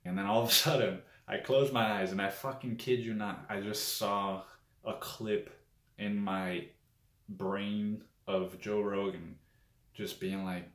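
A man with a very low voice tells a personal story in a loose, candid monologue. He swears freely and laughs nervously at himself now and then. The room around him is echoey. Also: fairly even intonation, measured pace, fairly bright tone. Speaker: vlogger telling a personal story.

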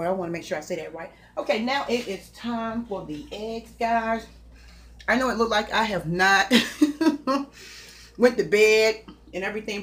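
A woman's voice: medium pitch, slight background noise. A woman chatting casually to viewers while she cooks breakfast in her home kitchen, folksy and talkative. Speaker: cooking vlogger. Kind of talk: casual cooking chat.

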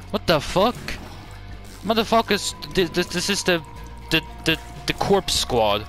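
A man hosting a gaming channel, giving excitable, jokey gameplay commentary full of swearing and sudden outbursts. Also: high voice, a little slow, faint music behind.

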